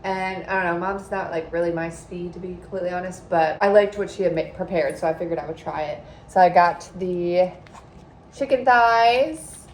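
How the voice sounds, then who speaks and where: A woman in her thirties chatting casually to her phone camera in a vlog, expressive and talkative. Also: lowish voice, a little fast, few pauses, a little hiss or hum. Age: 30s. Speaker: vlogger.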